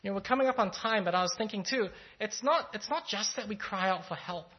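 A pastor giving a conversational sermon, telling a story in a relaxed, thoughtful way with frequent fillers. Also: medium pitch, fast. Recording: slightly dull, lo-fi sound.

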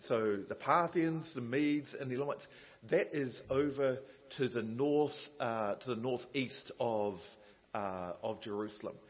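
Husky-voiced man preaching a sermon. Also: mid-range voice, unhurried, muffled recording. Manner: conversational, many fillers and asides.

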